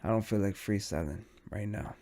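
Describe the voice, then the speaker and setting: A young man hosting a podcast alone, high and sleepy, rambling in casual, profane slang. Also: moderate pace, mellow. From United States. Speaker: podcast host. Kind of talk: casual stoned monologue.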